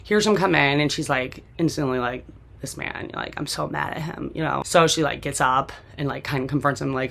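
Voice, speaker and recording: A woman's voice: deep voice, fairly quick, vocal fry, a bit bright. A woman host telling a personal story from memory in a rambling, casual way, with constant "like" and frequent restarts. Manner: rambling, heavy use of "like", restarts, occasional swearing.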